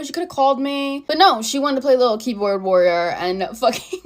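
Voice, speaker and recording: Young woman in her 20s ranting a storytime, lots of swearing, sarcastic, pretty high voice. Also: expressive, fast talker. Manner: blunt, profane, sarcastic ranting. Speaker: storytime creator. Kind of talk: storytime rant to camera.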